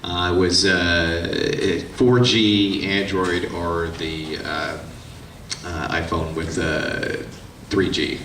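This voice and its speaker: A man's voice: low-pitched, level tone, very slow, background noise. A man answering audience questions at a convention panel, telling irreverent, joking stories in a casual way. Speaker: voice actor, panel guest. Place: convention hall. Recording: echoey hall from far off, crowd.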